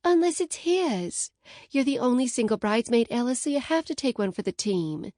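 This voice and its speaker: A woman's voice: on the high side, expressive, moderate pace, warm tone, no room sound, clean studio sound, lightly acted. Woman voicing Lily, a teasing bride-to-be. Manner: teasing, bubbly, pushy. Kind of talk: audiobook character voice.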